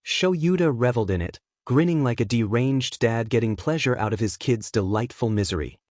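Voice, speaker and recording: A man reading a fan fiction story aloud in a steady, even narration. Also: medium pitch, normal speed, no echo, studio quality.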